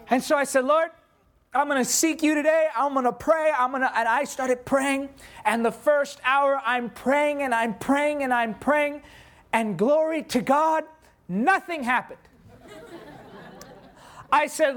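A man preaching a sermon, telling a story in an animated way and acting out his own prayers. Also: very high-pitched, a little slow.

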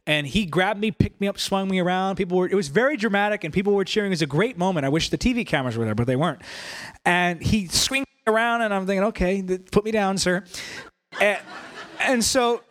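Young male preacher, lively storytelling. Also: high voice, a little fast. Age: young adult. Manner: animated, conversational, laughing. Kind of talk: sermon storytelling.

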